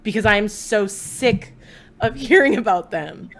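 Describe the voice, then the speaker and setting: A woman's voice: mid-range voice, measured pace, over a noisy crowd. A young adult woman hosting a podcast, chatting casually and telling stories with laughter. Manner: animated storytelling, laughs often. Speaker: podcast host. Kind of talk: casual chat.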